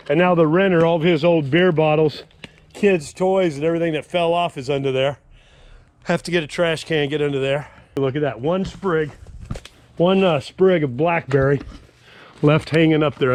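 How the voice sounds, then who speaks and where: A man's voice: on the high side, a little hiss or hum. An older man filming himself outdoors with a handheld action camera, rambling in a folksy, grumbling way as he tours his lakeside yard. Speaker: homeowner giving a yard tour. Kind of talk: casual self-filmed vlog.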